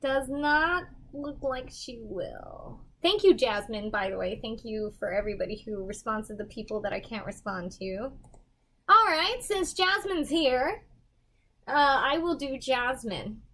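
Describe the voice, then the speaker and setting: Goofy young woman medium on a casual livestream, high-pitched, rambling, quick to laugh. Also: lively intonation, fairly bright tone. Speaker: medium giving livestream readings.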